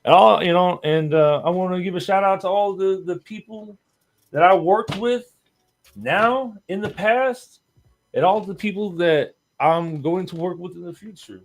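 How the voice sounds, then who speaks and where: A man's voice: high voice, a little slow, faint music behind. A man, a guest on a show, telling stories in a casual, profane, rambling way and laughing often. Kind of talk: casual storytelling chat.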